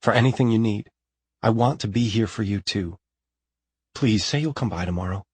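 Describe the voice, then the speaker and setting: A man reading the lines of a gentle, hurt but brave young woman in an audiobook, with a soft, pleading manner. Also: fairly low pitch, normal speed, breathy edge, no room sound. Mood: tender.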